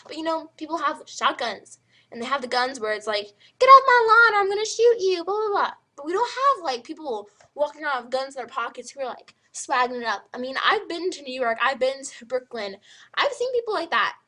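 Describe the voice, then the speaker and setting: High-pitched teen girl vlogger with a lively, swooping delivery, ranting emphatically to camera. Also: a little fast. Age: teens. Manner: animated, emphatic, full of "like" fillers. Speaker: high school student vlogger.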